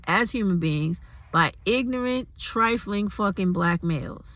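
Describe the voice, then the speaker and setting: Older woman vlogger, blunt and foul-mouthed, bright forceful voice, dry close sound, rambling casual commentary. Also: on the low side, expressive, a little slow, no room sound. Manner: blunt, profane and rambling, with digressions.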